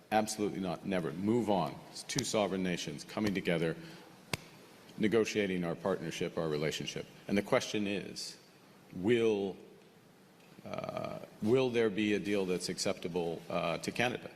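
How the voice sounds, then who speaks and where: A man answering reporters at a press conference, halting and stammering at times. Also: sits low. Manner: halting, stammering, repeats himself. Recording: reverberant room with faint ambient noise.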